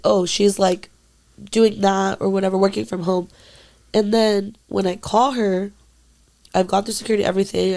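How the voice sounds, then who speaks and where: A young woman with a gravelly, creaky voice, co-hosting a casual podcast. She tells a story candidly, with lots of "like" fillers and plenty of swearing. Her pitch sits mid-range for a woman. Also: darkish tone. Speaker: podcast co-host. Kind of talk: casual chat.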